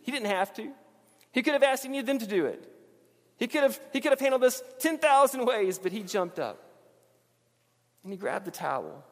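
A man preaching a sermon, earnest and emphatic, often repeating his phrases. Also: high voice. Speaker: pastor. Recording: long reverb of a large hall.

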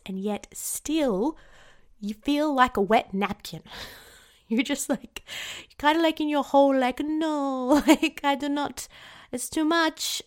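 A young woman giving a blunt, swearing motivational talk about self-doubt at work, acting out the inner voices of her listeners. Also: a little high. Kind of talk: direct-to-camera motivational talk.

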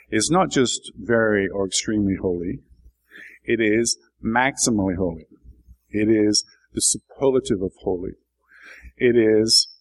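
A man preaching a sermon and explaining his text in a reflective teaching manner. His voice sits at an ordinary middle pitch, and he rises into emphatic, lifted stretches before settling back down. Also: low-quality recording. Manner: thoughtful, explanatory, builds to emphatic bursts.

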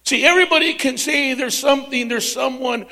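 A male pastor with a very high voice and a gravelly edge, preaching in church with a bright, forceful tone. He calls out to his congregation and keeps swinging from loud to hushed. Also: a little fast. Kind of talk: sermon.

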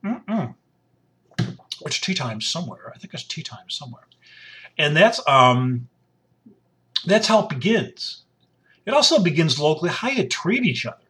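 A man's voice: a little high, sing-song, a little slow, pauses often, bright, forceful tone. A middle-aged man giving blunt, rambling casual commentary on his own, often repeating himself and breaking off mid-sentence.

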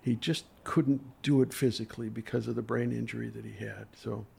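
A man's voice: medium pitch, steady tone, fairly quick, gravelly, darkish tone, husky. An older man, a trial lawyer, tells courtroom stories in an interview in an earnest, emotional way with frequent hesitations. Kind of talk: storytelling in a podcast interview.

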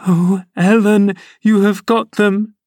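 A frantic teenage girl begs and sobs in a high, breathless voice, as a male reader puts her on. The pleading soars far above a man's usual register, and the dry, close recording catches every catch in her breath. It sounds like a storybook reading of a period novel. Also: fairly even intonation, takes it slowly, a little mellow, dry recording. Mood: distraught pleading.

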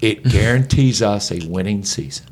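A man's voice: on the low side, moderate pace, a little hiss or hum. A middle-aged man, a basketball head coach, telling stories animatedly as a podcast guest. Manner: animated, energetic storyteller. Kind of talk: conversational storytelling.

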